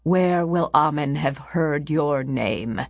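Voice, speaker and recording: A woman's voice: on the low side, animated, slow pace, gravelly, a little mellow, husky, dry recording, heavily acted. A woman voicing a harsh, scornful old priestess in an audiobook. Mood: stern. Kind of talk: audiobook character voice.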